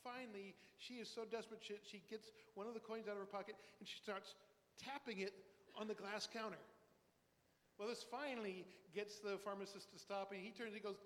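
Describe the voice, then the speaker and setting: A man's voice: high-pitched, fairly even intonation, a little fast, fairly bright tone, long reverb tail. A man preaching a sermon as pastor, telling a story earnestly and animatedly in a church. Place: church sanctuary.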